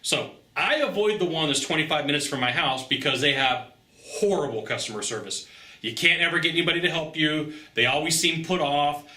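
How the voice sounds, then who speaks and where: Man, sales trainer, bright cutting voice, slightly high, animated storytelling, echoey room. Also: a little fast. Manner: animated storytelling with emphatic asides; conversational, tags points with "okay?" and "right?". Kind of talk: casual vlog monologue. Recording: roomy echo.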